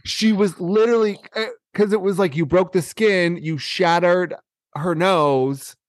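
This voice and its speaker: A man co-hosting a casual chat, telling a story excitedly with many fillers and restarts. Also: sits high, a little slow, no echo, clean studio sound.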